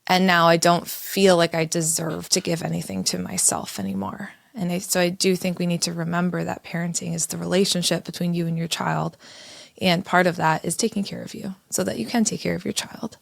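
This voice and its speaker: A woman in her thirties co-hosting a podcast, telling a candid story in an animated way. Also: on the low side, fairly quick, gravelly, dry recording. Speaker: podcast co-host. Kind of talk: casual conversational podcast.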